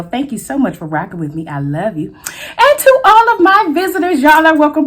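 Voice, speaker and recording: A woman hosting a mukbang food vlog, chatting casually to her viewers as she eats. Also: on the high side. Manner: chatty, addresses viewers as y'all, eats between words. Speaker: food vlogger.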